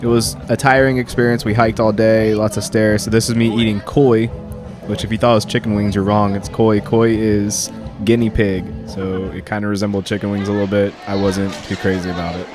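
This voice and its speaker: A man who works as a teacher gives casual, conversational narration of his own trip, relaxed and a little wry. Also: on the low side, a little fast, over music.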